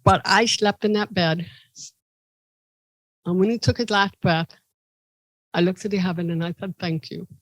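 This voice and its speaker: Telling personal stories as a podcast guest, a woman from Ohio, USA, gets animated and mimics the people involved with big pitch swings. Her pace is normal with long pauses, and the audio is dry and poor.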